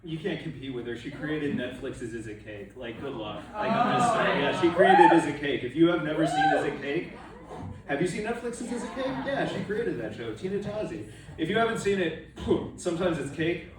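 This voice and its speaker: Man, stand-up comic, rambling, self-deprecating, lively pitch, distant echoey club recording. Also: a little fast. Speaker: stand-up comedian. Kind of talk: stand-up set. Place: comedy club with live audience. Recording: echoey room, mic from a distance, loud crowd laughter.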